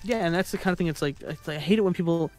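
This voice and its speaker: A man's voice: fairly high pitch, very fast, a little mellow, soft background music. A man streaming live, chatting casually and rambling with frequent restarts, sounding exasperated. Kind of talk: casual livestream chat.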